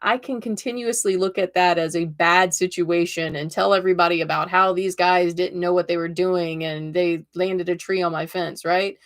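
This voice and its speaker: Her voice sits on the low side, with fairly even intonation, a normal speed, and few pauses. She's a tarot reader running an upbeat livestream, chatting casually, sharing stories, and checking in with her audience. Plenty of "right?" tags punctuate her storytelling.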